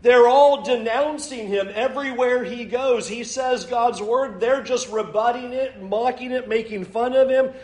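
Man, pastor, sermon, higher voice, echoey church room, earnest scripture reading. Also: a little mellow. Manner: earnest, reads scripture slowly and stresses key lines.

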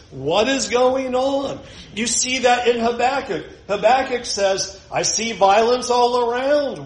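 A man's voice: sits high, echoey room, low-quality recording. A man preaching a sermon in a conversational way, with joking asides. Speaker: pastor.

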